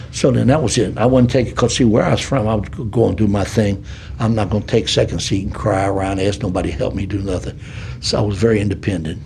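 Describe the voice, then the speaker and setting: An older man with a Southern US city accent, telling his life story as a podcast guest in a preacherly, animated way. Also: on the low side, vocal fry, a little hiss or hum. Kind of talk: storytelling testimony.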